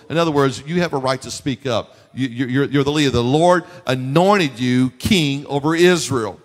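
Emphatic preacher in a reverberant church. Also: male voice, a little high, normal speed, few pauses. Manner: emphatic, repetitive, building intensity. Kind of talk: sermon. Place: church sanctuary.

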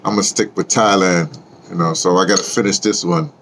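Low-voiced man rambling casually. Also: steady tone, fairly quick, background noise. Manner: rambling, chatty, sings along to a record. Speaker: vlogger.

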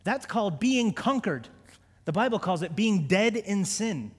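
A man's voice: high voice, big pitch swings, measured pace, husky. A man preaching a sermon in a church, talking conversationally with stammered restarts and rising into fervent prayer. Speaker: pastor. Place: church sanctuary. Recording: long hall reverb.

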